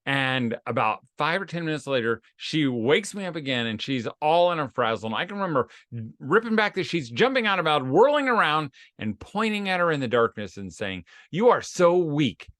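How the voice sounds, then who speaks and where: A man's voice: on the high side, big pitch swings, fairly quick, fairly bright tone, no echo, studio quality. A middle-aged man hosting a short advice series for fathers, telling folksy, self-deprecating stories from his own family life. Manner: folksy and self-deprecating, acts out quoted voices. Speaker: host of a homeschooling tips series for dads. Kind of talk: casual advice talk with personal stories.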